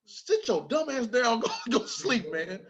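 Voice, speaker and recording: A man doing a gruff cursing dad, voice raised high. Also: sing-song, a little slow, fairly bright tone, heavily acted. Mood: annoyed. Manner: cursing, scolding. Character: gruff, irritated father woken from sleep.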